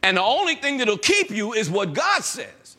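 A male pastor preaching with a high, bright voice that swings widely in pitch. He draws out scripture lines slowly and with emphasis, then turns to the congregation with quick call-and-response asides. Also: huge pitch swings. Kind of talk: sermon.

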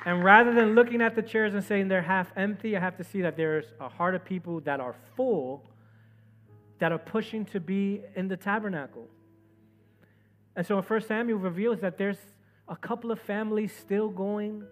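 A man preaching a sermon to his congregation, swinging from loud, urgent exhortation down to soft, low storytelling. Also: moderate pace, soft background music. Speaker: pastor.

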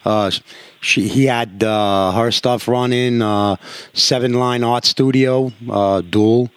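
A man's voice: mid-range voice, fairly even intonation, slow pace, smooth, no echo, studio quality. A middle-aged man hosting a podcast on a headset, chatting casually in a laid-back, profane, laughing way. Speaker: podcast host. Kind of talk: casual chat.

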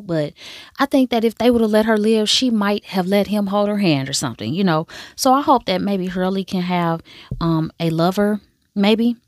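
Animated woman recapping a TV show. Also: fairly low pitch, no room sound, clean studio sound. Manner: animated storytelling, acts out characters' lines, calls listener "baby". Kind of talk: casual show recap and commentary.

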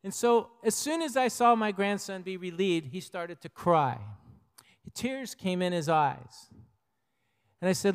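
A man's voice: sits high, lively intonation, a little slow, smooth, in a large hall. An older man preaching a sermon as pastor, in a conversational way, with personal stories.

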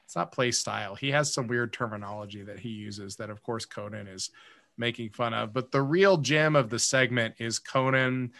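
A man's voice: mid-range voice, normal speed, creaky, fairly bright tone. A man in casual chat, rambling with many fillers and restarts as he recaps a comedy sketch. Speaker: podcast co-host.

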